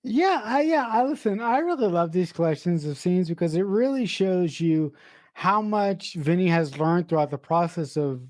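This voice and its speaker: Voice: medium pitch, darkish tone, dry recording, clean studio sound. A podcast co-host casually discussing a film with enthusiasm, restarting phrases while thinking and swearing freely.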